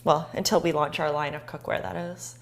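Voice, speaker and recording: A woman's voice: low-pitched, steady tone, brisk, vocal fry. A woman hosting a live cooking show, chatting and encouraging viewers as she chops.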